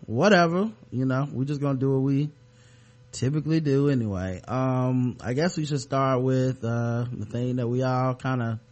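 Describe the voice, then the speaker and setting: A man's voice: medium pitch, a little mellow. A man hosting a podcast in a loose, rambling way, full of ums and you-knows. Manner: rambling, lots of fillers, laid-back. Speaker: podcast host. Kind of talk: casual podcast chat.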